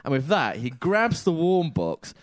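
A man spins an absurd story, his voice leaping up and down with wild swings of pitch. He keeps breaking into laughter and shouts out the lines of the people in his tale. The sound is close and dry. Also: big pitch swings, a little slow, no room sound.

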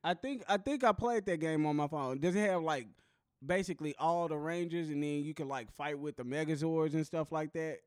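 Podcast cohost dude, smooth clear voice, joking around, dry close mic. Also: male voice, a little high, brisk, a little mellow, dry recording. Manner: joking, easygoing banter. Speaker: podcast co-host. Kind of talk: casual chat.

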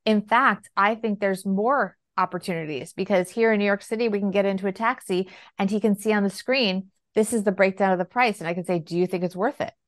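A woman guest on a podcast, a financial planner telling parenting stories in a conversational, animated way and acting out the dialogue. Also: medium pitch, fairly quick, few pauses. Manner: animated, acts out quoted dialogue. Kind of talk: conversational storytelling. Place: lives in New York City.

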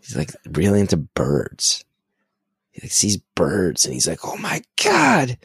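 A man in his thirties chatting casually, animated and excitable, swearing freely as he tells stories. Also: rumbling low, measured pace, husky, no echo, clean studio sound. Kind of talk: casual conversation.

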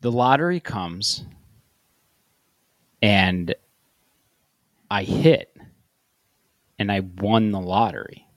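A man hosting a podcast, telling stories in a casual, deadpan way. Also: on the low side, very slow, pauses often, no echo. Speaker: podcast host.

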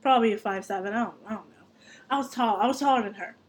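Young adult woman host, slightly high voice, animated and profane casual storyteller. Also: racing, background noise. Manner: animated, profane, laughs through her story.

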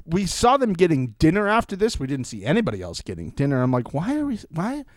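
Lively, mock-dramatic young man co-hosting. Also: on the high side, fast, no echo, clean studio sound. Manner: animated, mock-dramatic asides. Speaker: podcast co-host. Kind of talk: casual podcast banter.

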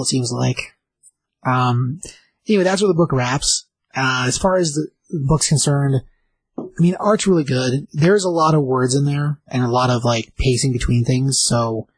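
Husky man rambling through a comic recap. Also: medium pitch, dry recording, rough recording. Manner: rambling, filler-heavy retelling. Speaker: comic book reviewer. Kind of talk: casual plot recap and review.

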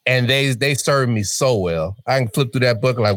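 A man's voice: mid-range voice, normal speed, no room sound. A middle-aged man talks as a guest on a casual podcast. He tells stories with energy, slips into acted voices and often repeats a word as he starts. The sound is dry and close. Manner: animated storyteller, acts out voices, repeats words.

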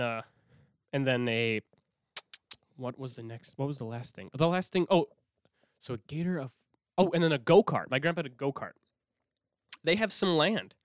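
A young man from Minnesota telling a spooky childhood story in a casual, animated way, swearing often and dropping to a whisper when he quotes himself. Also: mid-range voice, no room sound, clean studio sound. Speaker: host.

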